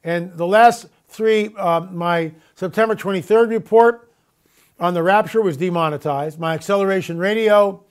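A man with a high, clear voice and resonant tone hosts his own video report. His emphatic commentary monologue is full of rhetorical questions, with catchphrases repeated and stretched out slowly.

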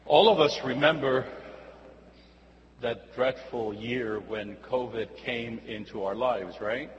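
A man's voice: medium pitch, slow pace. A man, a priest, reading the Gospel and preaching a homily in a church, chatting with the congregation and often asking "right?". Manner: conversational, often asks "right?". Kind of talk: homily with personal storytelling. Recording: dull recording with long hall reverb and faint hum.

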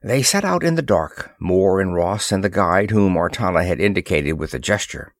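A man narrating a pulp science fiction story in a measured, expressive way. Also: low-pitched, no echo, studio quality. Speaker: audiobook narrator.

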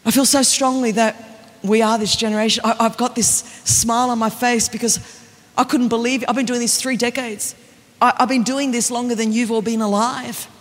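An animated, joking woman, preaching a conference sermon and often building to a shout. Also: on the high side, normal speed. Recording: echoey arena with faint music.

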